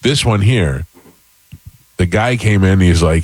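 A man's voice: low-pitched, slow pace, pauses often, a little mellow, no echo, poor audio. A man hosting a casual chat show, telling a long rambling story with self-deprecating humor.

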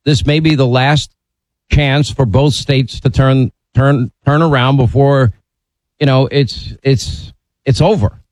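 A man's voice: mid-range voice, steady tone, takes it slowly, a little mellow, no room sound, rough recording. A man hosting a call-in radio talk show, blunt and opinionated in a conversational way. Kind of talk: talk radio, taking calls.

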